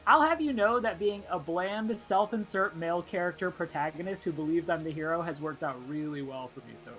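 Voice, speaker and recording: A woman's voice: lowish voice, brisk, fairly bright tone, soft background music, poor audio. A woman playing a tabletop game, trading jokes and playful banter with her group. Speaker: player. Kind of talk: casual tabletop game chat.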